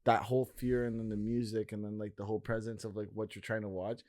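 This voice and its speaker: A man's voice: lowish voice, level tone, fast, a little mellow, no room sound, clean studio sound. A young man co-hosting a podcast, talking casually and rambling with many fillers. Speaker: podcast co-host. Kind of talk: casual chat.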